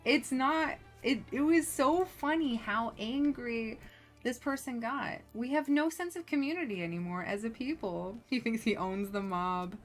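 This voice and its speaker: A woman streamer chatting casually while playing, rambling and animated, full of fillers as she tells a story. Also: a little high, a little slow, soft background music. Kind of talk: casual gameplay commentary.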